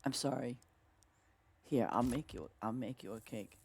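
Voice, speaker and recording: Female gaming streamer, easygoing unhurried delivery, excitable exclamations, chats to her viewers while she plays. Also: rumbling low, creaky, a little hiss or hum. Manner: excitable, chatty, exclaims often and talks to viewers. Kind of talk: casual gameplay commentary.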